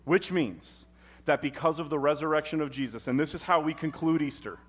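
A man preaching a sermon as pastor at a church service, expressive and emphatic. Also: a little high, brisk, breathy edge.

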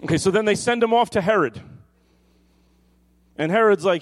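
Guy preaching a sermon, jokey and animated, yelps way up high sometimes, voice on the high side. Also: normal speed, long pauses. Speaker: pastor.

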